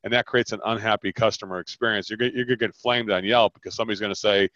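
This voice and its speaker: A man coaching on a podcast, animated and quick, often acting out customer lines as he explains sales talks. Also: lowish voice, no room sound, muffled recording. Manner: animated, fast-talking, acts out customer lines.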